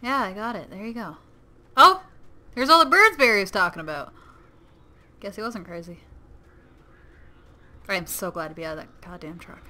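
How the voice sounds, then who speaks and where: A woman giving casual let's-play commentary on a horror game, excitable and given to shrieking and swearing at the screen. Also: mid-range voice, normal speed, pauses often. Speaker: gamer playing a horror game.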